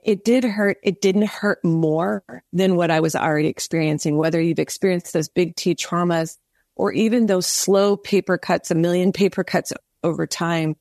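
A woman's voice: on the low side, darkish tone, no room sound, studio quality. A woman guest on a faith podcast, telling her story earnestly and often restarting her words.

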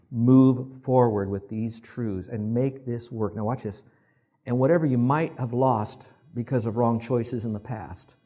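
A male pastor preaching a sermon, telling animated stories and acting out the quotes. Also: mid-range voice, husky, lo-fi sound. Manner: animated storyteller who acts out quotes.

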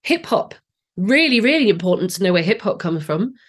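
In a podcast interview, a singing teacher in her late forties with a Southeast English accent explains her ideas with enthusiasm and frequent restarts. Her mid-range voice swings widely in pitch and runs a little fast. Today her voice is a bit off.

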